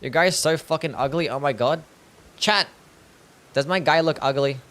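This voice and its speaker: A man's voice: a little high, normal speed, a bit bright. A young man chatting casually as he streams a game, swearing freely and reading his chat aloud. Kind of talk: casual livestream commentary.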